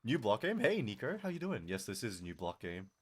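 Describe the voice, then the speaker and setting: A man live-streaming, chatting casually and answering his chat, animated and quick to laugh, his voice strained and tiring. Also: on the low side, husky.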